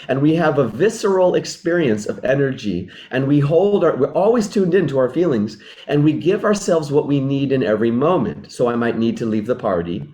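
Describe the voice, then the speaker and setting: Speaking in a mid-range, somewhat dark voice, a man plays a relationship mentor. His earnest teaching is reflective, and he keeps rephrasing what he's said and performing example conversations.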